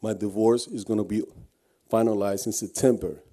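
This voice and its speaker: A man's voice: lowish voice, fairly even intonation, normal speed, mellow. A man giving an earnest personal testimony, telling his story with frequent restarts. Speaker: guest speaker.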